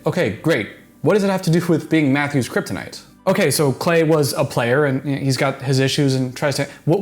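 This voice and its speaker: A man giving casual, earnest commentary on a reality show clip, analytical and quick to restart his sentences. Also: medium pitch. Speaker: reaction commentator.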